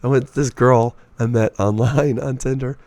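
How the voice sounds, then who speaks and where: A man in his early twenties, a stand-up comedian from the Midwest, telling profane, animated stories in a casual podcast chat. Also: mid-range voice, normal speed, dry recording. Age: early 20s. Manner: profane, animated storyteller who acts out what others said.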